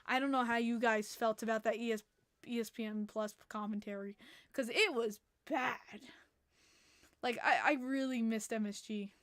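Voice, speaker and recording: A woman hosting a casual hockey podcast, animated and laughing often, swearing freely. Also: on the high side, normal speed, no echo, studio quality. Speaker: podcast host.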